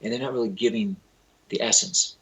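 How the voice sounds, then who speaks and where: A man being interviewed as a spiritual teacher. He tells lively anecdotes in a casual way, acts out the people he quotes, and uses loose grammar. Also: on the low side, fairly quick, breathy edge, low-quality recording.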